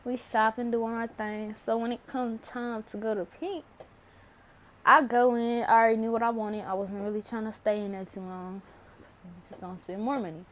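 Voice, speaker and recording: A woman's voice: fairly high pitch, moderate pace. Chatty young woman telling a story. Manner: chatty, laughs often, swears freely, animated retelling. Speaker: vlogger. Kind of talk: casual storytelling.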